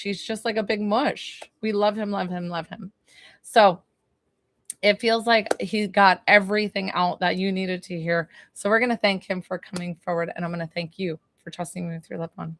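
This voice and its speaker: A woman's voice: medium pitch, a bit bright, no echo. A woman from New York giving a spiritual reading on a phone livestream, gushing, laughing often and chatting with viewers. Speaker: psychic medium.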